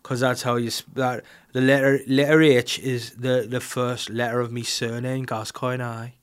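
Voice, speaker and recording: A man's voice: mid-range voice, flat delivery, moderate pace, smooth, natural voice. A man doing a rambling, muddled impression of a famous English footballer playing a cop.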